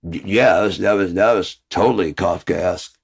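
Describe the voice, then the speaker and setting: A man with a very low, deep voice ranting into the camera. He swears in nearly every sentence and drops into muttered asides between his complaints. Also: normal speed, gravelly, slightly rough. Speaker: vlogger. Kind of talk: profane ranting monologue.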